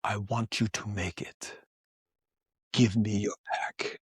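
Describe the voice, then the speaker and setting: A man putting on a calm Tanzanian porter. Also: fairly low pitch, slightly rough, dry recording, clean studio sound, pitched below the performer's own voice, exaggerated voice. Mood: earnest. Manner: gentle, measured, broken English. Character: calm, kindly adult male Tanzanian mountain porter.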